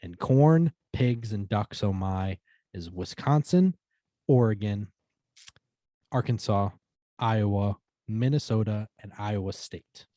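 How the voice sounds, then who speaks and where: A man co-hosting a casual podcast chat, easygoing, reading out long lists of teams at a steady clip. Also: on the low side, slow pace, no room sound. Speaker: podcast co-host.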